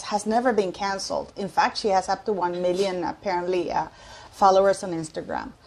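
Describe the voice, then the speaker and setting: Her mid-range voice is a little mellow. She's a woman in her fifties running her own channel, where she delivers opinionated commentary in a casual way, often restarting her sentences and fishing aloud for words.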